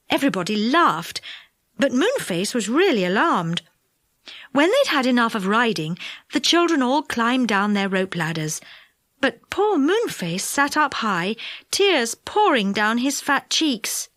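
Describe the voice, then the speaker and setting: A woman narrates a children's audiobook in an expressive, unhurried way. Her voice sits a little high and moves a lot in pitch. The studio sound is dry and close. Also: no room sound.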